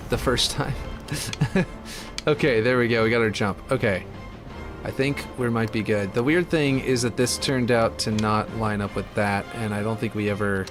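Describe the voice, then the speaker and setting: A man chatting casually and thinking aloud while he builds a game map, muttering when puzzled. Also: on the low side. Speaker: map builder streaming his work.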